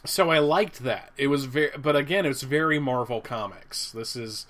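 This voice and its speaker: A man in his forties from the United States, talking casually as a podcast co-host. He rambles, trips over his own restarts and chuckles at his own jokes. His voice sits in an ordinary middle pitch. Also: normal speed, a bit bright. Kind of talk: casual chat about comics.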